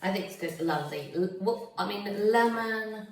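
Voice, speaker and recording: A woman's voice: medium pitch, moderate pace, hardly any pauses, slight background noise. Chatty Canadian woman in an echoey kitchen. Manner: chatty, digressive, laughs often. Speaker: home cook. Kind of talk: chatty cooking vlog. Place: home kitchen. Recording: very echoey room, mic far off.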